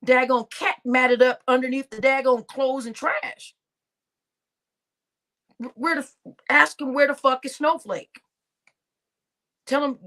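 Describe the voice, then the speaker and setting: A woman hosts her own live stream in a loose, slangy rant. Her voice sits a little on the high side, and she talks bluntly and swears freely while she scolds people. She breaks up her remarks with laughs. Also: unhurried, pauses often, fairly bright tone.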